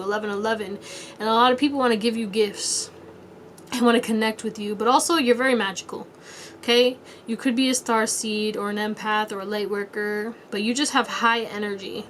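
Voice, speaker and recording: A chatty woman with a voice a little high for a woman does a casual pick-a-card tarot reading, loose in style, laughing often and swearing freely. She performs quoted voices in a playful, high pitch, and a faint hiss runs beneath the recording.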